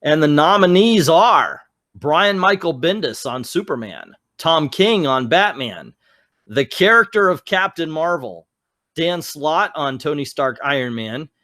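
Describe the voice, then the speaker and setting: A man hosting a casual comics chat, reading out award results in a relaxed conversational way. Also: fairly high pitch, unhurried, dry recording, studio quality. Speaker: podcast host presenting awards.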